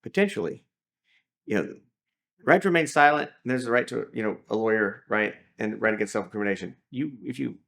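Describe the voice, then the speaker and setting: A man's voice: lowish voice, animated, a little fast, gravelly, fairly bright tone. A man, a lawyer talking through legal advice in a casual, storytelling way with many fillers and restarts.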